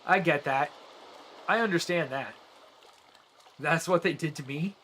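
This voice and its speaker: A male streamer talks to his live chat as he plays, earnest and a little rambling, often restarting his sentences. His voice sits fairly high for a man. A faint hum of ambient noise stays under his voice. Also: unhurried, pushed and bright. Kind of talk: casual chat with live viewers while gaming.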